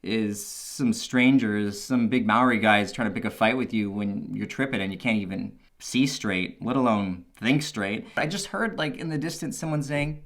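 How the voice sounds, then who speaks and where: A man casually telling a personal story, animated, swearing freely and laughing at his own asides. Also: lowish voice, moderate pace, hardly any pauses.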